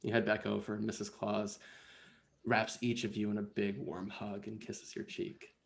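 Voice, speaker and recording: A man narrating a tabletop game as game master, halting and relaxed, with frequent fillers. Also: fairly low pitch, creaky.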